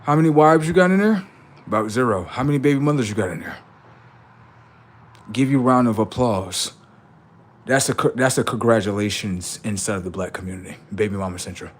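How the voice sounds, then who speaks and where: A man's voice: on the low side, fairly quick, husky. A man hosting a livestream, ranting in a profane, mocking and repetitive way while reacting to videos. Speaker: livestream host.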